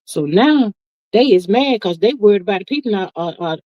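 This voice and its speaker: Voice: medium pitch, animated, brisk, no echo, highs cut off. A live-stream gossip host chatting casually with viewers, sassy and folksy, calling everyone "honey" and "child".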